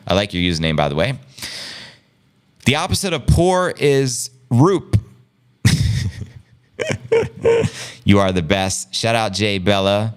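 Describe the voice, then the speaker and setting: A man's voice: lowish voice, clean tone. A man with a New York City area accent hosting a casual live stream, reading viewer chat and calling his audience family. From Long Island, New York. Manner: animated, hype-filled, talks to viewers as family. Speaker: livestream host reading chat.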